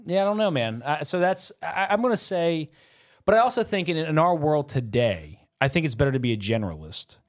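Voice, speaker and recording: A man's voice: on the high side, big pitch swings, brisk. A man co-hosting a casual podcast, rambling, swearing freely and losing his train of thought. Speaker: podcast co-host. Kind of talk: casual chat.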